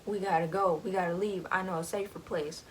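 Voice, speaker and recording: A woman's voice: on the low side, fairly even intonation, brisk, slight background noise, lightly acted, low-quality recording. A woman voicing a big, hard-edged man who talks bluntly and menacingly.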